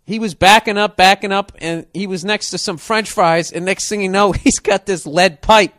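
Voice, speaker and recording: A high-voiced man tears through a comic story, swearing freely and acting out the bangs and squeaks himself. The sound is close and bone-dry, with no room around him. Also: moderate pace, no room sound. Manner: animated, swearing storyteller who mimics sound effects. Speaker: comedian telling a story. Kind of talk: profane comedic rant.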